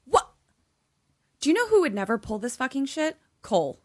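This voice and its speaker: A woman's voice: high voice, big pitch swings, quick pace, a little mellow. A young woman co-hosting a podcast, reacting with outrage and lots of swearing. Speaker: podcast co-host. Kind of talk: casual podcast chat.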